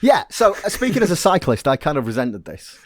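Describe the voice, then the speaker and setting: A man's voice: on the high side, huge pitch swings, brisk, dry recording, studio quality. A man co-hosting a chat podcast, explaining from his research in a wry, casual way. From Britain. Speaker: podcast co-host.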